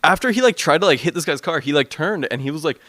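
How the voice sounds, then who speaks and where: A man's voice: a little high, expressive, quick pace, pushed and bright. A man with a slightly raised voice tells a story in rambling, filler-heavy casual chat, swearing freely. The sound is close and dry, with no room echo. He is from Canada and co-hosts a stream. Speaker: stream co-host.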